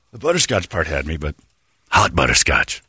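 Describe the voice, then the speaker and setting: A man's voice: a bass voice, bright, forceful tone, slight background noise. A middle-aged man hosting a podcast, telling rambling, crude, jokey stories in casual chat. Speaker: podcast host.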